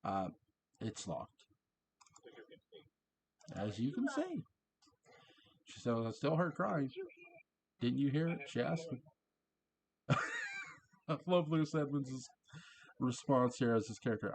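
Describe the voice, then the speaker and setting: Man reviewing an episode, mid-pitched and chatty, laughs easily as he walks through scenes. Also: sing-song, slow pace, long pauses, a little hiss or hum. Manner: chatty, laughing, quotes lines in character. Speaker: show reviewer. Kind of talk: casual episode recap.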